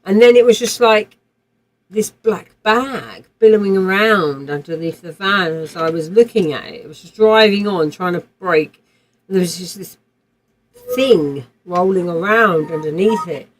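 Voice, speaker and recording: A woman's voice: on the low side, measured pace, rough recording. A woman, streaming a game while telling a vivid personal story in a rambling way, with swearing and frequent restarts. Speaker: livestream gamer.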